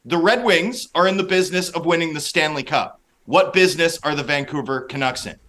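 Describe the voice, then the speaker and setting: A man who writes on hockey, guesting on a sports talk show and arguing fast and heatedly against a trade. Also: on the high side. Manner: animated, rapid-fire ranting argument. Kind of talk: opinionated sports analysis.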